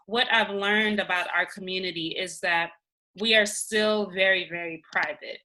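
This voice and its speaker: A woman speaking as the guest in an interview, talking earnestly and personally about her own experience with frequent pauses and ums. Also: mid-range voice, steady tone, sharp tone, low-quality recording. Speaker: interview guest, nonprofit founder. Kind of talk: candid conversational interview.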